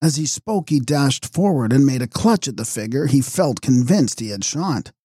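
A man narrating a gothic novel in a measured, dramatic reading. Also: medium pitch, expressive, dark tone, slightly rough, no room sound, studio quality. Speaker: audiobook narrator.

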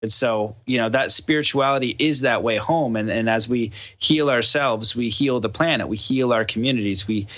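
A man's voice: medium pitch, normal speed, few pauses. A man, a podcast guest, telling a story in casual chat and animatedly acting out the dialogue. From Canada. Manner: animated, acts out quoted dialogue.

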